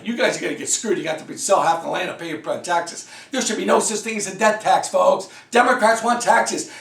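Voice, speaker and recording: A man giving a heated political rant as a vlog host, talking fast and swinging his pitch all over. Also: fairly bright tone, reverberant, far from the mic. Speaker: political commentator. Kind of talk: ranting political monologue.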